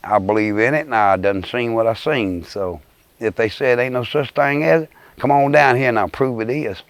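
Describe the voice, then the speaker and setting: A man's voice: medium pitch, moderate pace, dry recording. Earnest Louisiana man, dry close sound. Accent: Louisiana bayou. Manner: earnest, plain-spoken, insistent. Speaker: storyteller interviewee. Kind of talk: casual storytelling in an interview.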